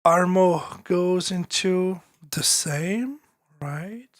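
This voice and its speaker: A man's voice: high voice, extremely slow, dry recording, studio quality. A man with a French accent talking casually on a live stream as he produces music, thinking aloud with many fillers and restarts.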